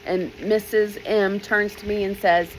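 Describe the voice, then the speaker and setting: Her voice is mid-range and steady in tone as this author unhurriedly shares a childhood memory, frequently beginning with "well" and acting out quoted voices. The recording is rough, with slight background noise.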